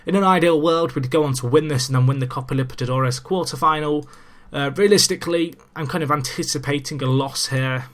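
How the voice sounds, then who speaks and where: Young guy doing game commentary, chatty, gets excited, jokes at himself. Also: a little high, brisk, few pauses. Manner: chatty, excitable, self-mocking. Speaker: gaming commentator. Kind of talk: let's play commentary. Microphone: desk microphone.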